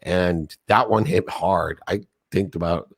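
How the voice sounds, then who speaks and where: A man's voice: sits low, fairly even intonation, slow pace, vocal fry, breathy edge, no room sound, studio quality. A man in his forties telling an intense personal story as a podcast guest, choking up at moments. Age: 40s. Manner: intense storytelling, rising and falling with emotion. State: choked up at moments.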